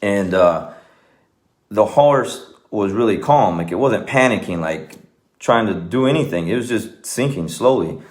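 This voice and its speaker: A man's voice: lowish voice, expressive, unhurried. A man, a martial arts coach, talking casually and earnestly to his viewers, rambling with many fillers and restarts. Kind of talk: casual talk to camera.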